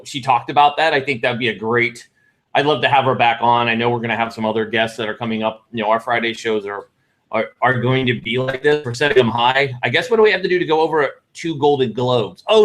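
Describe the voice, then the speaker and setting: A man's voice: medium pitch, a bit bright. A middle-aged man co-hosting a chat show, talking casually in a rambling way with many restarts. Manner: rambling, restarts and self-corrections. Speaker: podcast co-host.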